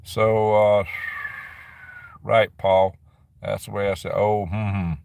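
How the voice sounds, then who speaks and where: A man's voice: fairly low pitch, level tone, creaky, a little mellow, no echo. Chatty man hosting a live stream. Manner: rambling, chatty, answers comments with quick laughs. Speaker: livestream host reading viewer chat. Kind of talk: casual live chat. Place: dim room at his rural property.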